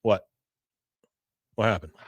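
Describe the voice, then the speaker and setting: A man's voice: slow pace, dry recording, muffled recording. A man hosting a podcast, casually retelling a cartoon episode scene by scene, acting out quotes and chuckling often. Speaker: podcast host.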